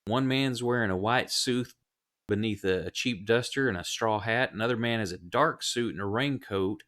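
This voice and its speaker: A man with a fairly low voice runs a tabletop game as game master. He narrates in a relaxed, halting way, often stopping on fillers.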